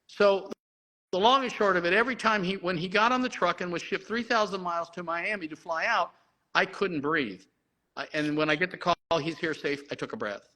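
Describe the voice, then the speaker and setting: A middle-aged man with a slightly high, bright, forceful voice tells an animated story. He talks in an excited rush and keeps restarting his sentences. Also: low-quality recording. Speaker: horse breeder guest.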